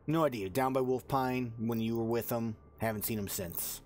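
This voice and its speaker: A man's voice: mid-range voice, moderate pace, a little mellow, faint music behind, lightly acted. A man voicing a menacing male dwarf crime boss who answers in short, cold, threatening lines. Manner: curt, threatening, clipped replies.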